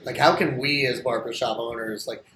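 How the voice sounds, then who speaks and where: A man who owns a barbershop, thinking aloud in casual chat in a halting, reflective way. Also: medium pitch, fairly even intonation, noisy background. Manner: reflective, halting, heavy filler 'like'. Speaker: barbershop owner. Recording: roomy recording with faint ambience.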